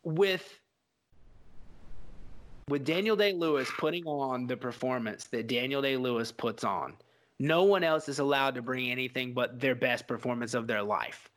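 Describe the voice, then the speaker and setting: A man co-hosting a casual film podcast, talking in an animated, profane way and acting out scenes. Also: mid-range voice, moderate pace. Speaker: podcast co-host.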